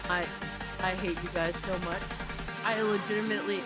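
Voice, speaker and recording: A woman streaming live, reacting to viewer videos with loud, exasperated, profane commentary and frequent shouts of disbelief. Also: medium pitch, fairly even intonation, normal speed. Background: music.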